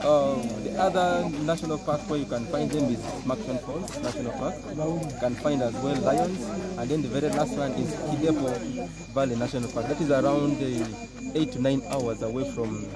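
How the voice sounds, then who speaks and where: A man's voice: mid-range voice, moderate pace. A man from Uganda with a Ugandan accent, working as a tour guide and explaining animals outdoors at a zoo, often checking in with "okay?". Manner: explanatory, repeats key points, asks "okay?" often. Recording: noisy outdoor recording. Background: outdoor ambience, animal sounds.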